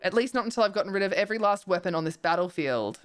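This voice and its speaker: A woman's voice: medium pitch, animated, smooth, close to an everyday voice. Woman voicing a cranky old echo spirit. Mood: irritated. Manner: brisk, scolding, stubborn. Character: grumpy old echo spirit, territorial and bitter.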